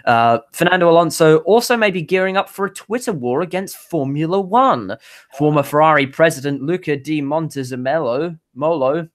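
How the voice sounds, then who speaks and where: A woman's voice: deep voice, animated, moderate pace. Bubbly rambling podcast woman. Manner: bubbly, rambling with many restarts. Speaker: podcast co-host presenting news. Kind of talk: casual news chat.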